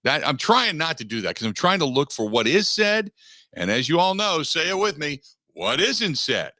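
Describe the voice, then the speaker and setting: A sports radio host, a man, talks through a studio monologue with a bright, forceful voice. The sound is dry and close, with no room around it. He stays animated, slipping into mocking quoted asides. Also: a little high, normal speed, dry recording. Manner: animated, mock-quoting others in asides.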